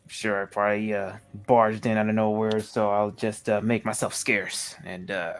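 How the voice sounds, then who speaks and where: A man playing in a tabletop game, his voice sitting somewhat low. He rambles awkwardly and hesitates as he talks, and faint music plays behind him. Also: little pitch movement, moderate pace, clean tone. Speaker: player. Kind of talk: tabletop role-play.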